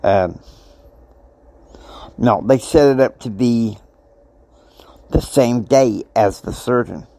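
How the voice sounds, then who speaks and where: A man's voice: medium pitch, takes it slowly, creaky, pauses often, warm tone, dry recording. A man telling a personal story, emotional and acting out the voices of people he quotes.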